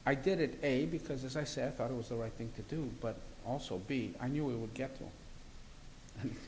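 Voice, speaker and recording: A man's voice: mid-range voice, moderate pace, a little mellow, a little hiss or hum, low-quality recording. A man, a criminal defence lawyer, talking in an interview in an assertive, argumentative and emphatic way. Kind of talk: interview conversation.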